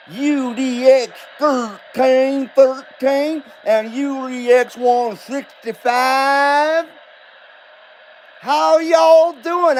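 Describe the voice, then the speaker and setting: Man doing a folksy Southern good ol' boy, slow drawl, high voice, hollers. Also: a little hiss or hum, heavily acted. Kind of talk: livestream radio banter.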